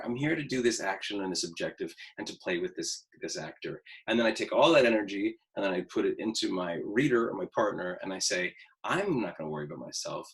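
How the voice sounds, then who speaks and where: Poor audio carries a man's fairly low, slightly bright voice. He's in his fifties, an acting teacher speaking candidly and casually to students before class, swearing freely and mocking himself by performing his own inner thoughts.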